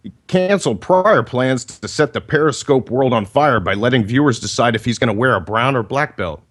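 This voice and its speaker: A man's voice: mid-range voice, lively intonation, brisk. A man on a breaking-up internet call reads prepared roast jokes and chuckles between them. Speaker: caller reading roast jokes. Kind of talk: reading prepared roast jokes, laughing at his own lines.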